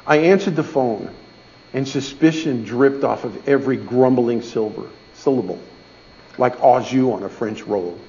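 Middle-aged man, gravelly voice, folksy church testimony, dull lo-fi recording. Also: medium pitch, measured pace, mellow, slight background noise. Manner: folksy, conversational, asks "okay?" often. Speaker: speaker giving a testimony in church. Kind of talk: storytelling sermon.

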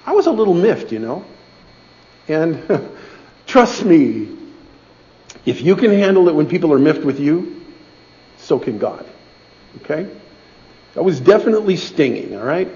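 Middle-aged man, gravelly voice, folksy church testimony, dull lo-fi recording. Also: fairly high pitch, very animated, unhurried, pauses often, dark tone. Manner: folksy, conversational, asks "okay?" often. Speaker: speaker giving a testimony in church. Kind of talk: storytelling sermon.

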